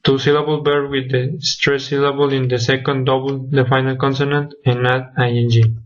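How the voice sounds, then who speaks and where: A man's voice: mid-range voice, level tone, moderate pace. A young man presenting a grammar lesson from slides as a student, listing examples one by one. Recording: dull lo-fi recording.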